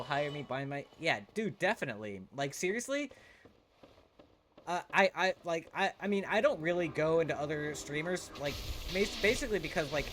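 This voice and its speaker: A man's voice: a little high, fairly bright tone, a little hiss or hum. A young man streaming a video game, chatting casually with his viewers in a rambling, profane way full of restarts. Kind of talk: casual live-stream chat while playing.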